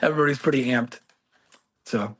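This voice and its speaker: A man in his forties recounts his time as a Marine in easygoing conversation. He talks in an ordinary mid-range voice, but his delivery is animated, full of laughter and quick acted-out quotes. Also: mid-range voice, slightly rough. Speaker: guest, former Marine. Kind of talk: conversational storytelling.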